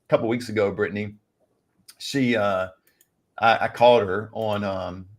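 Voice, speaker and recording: A man's voice: fairly low pitch, fairly even intonation, moderate pace. A man co-hosting a casual advice chat, rambling through a story and calling viewers "guys". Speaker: co-host. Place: lives in California.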